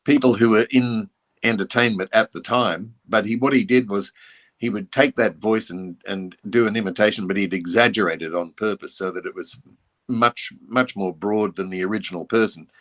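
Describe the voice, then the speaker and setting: An older man with an Australian accent and a slightly low voice. He talks reflectively as an interview guest, circling back and restarting as he recalls old stories. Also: moderate pace, fairly bright tone. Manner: reflective and anecdotal, with frequent restarts. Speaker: voice actor guest. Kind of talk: casual interview chat.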